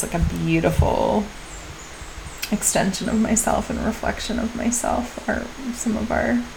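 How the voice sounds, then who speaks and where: A woman hosting a podcast, talking through a personal diary entry in a slow, introspective way with pauses and restarts. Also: medium pitch, creaky, slight background noise. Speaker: podcast host. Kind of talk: reflective personal diary monologue.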